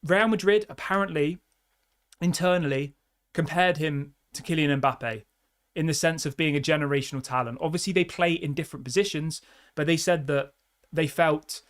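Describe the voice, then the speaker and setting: Excitable football fan on a live stream. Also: male voice, on the high side, normal speed, clean tone. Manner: excitable, chatty, reads viewer comments. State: out of breath. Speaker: fan channel host.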